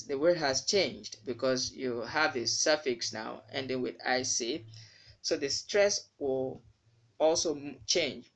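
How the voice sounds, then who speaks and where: A man's voice: medium pitch, a bit bright. Guy teaching pronunciation, says each word over and over, patient. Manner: careful, repeats words slowly to model pronunciation. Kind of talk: spoken English lesson.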